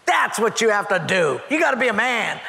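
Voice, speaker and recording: A pastor voicing a big, gruff trucker who mocks a stranger, in a boisterous, loud way. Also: male voice, high voice, very animated, brisk, big-room sound, exaggerated voice. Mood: mocking.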